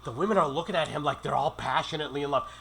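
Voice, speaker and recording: A man's voice: a little high, very fast, vocal fry, fairly bright tone, slight background noise, rough recording. A middle-aged man telling rambling travel stories in a casual monologue, acting out quoted dialogue. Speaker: travel vlogger.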